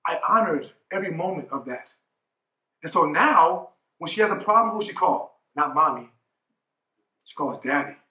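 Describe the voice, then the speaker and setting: A man's voice: fairly high pitch, expressive, moderate pace, sharp tone, roomy sound. A man in his forties giving a motivational keynote talk as a coach, emphatic, often asking "right?". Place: conference hall.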